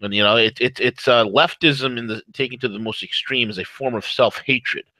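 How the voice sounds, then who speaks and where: A man's voice: medium pitch, normal speed, no echo, poor audio. A man co-hosting a morning radio talk show, reading sponsor ads and ranting in a fired-up way, laughing between his points. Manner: fired-up, rants loudly, jokes and laughs. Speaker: co-host. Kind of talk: talk radio commentary with ad reads.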